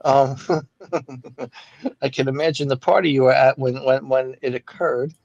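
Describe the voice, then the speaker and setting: A man of middle pitch speaks haltingly in a casual podcast chat. He stumbles and repeats words while he searches for the next thought. His voice sits close and dry. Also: steady tone, creaky, a little mellow, dry recording, muffled recording.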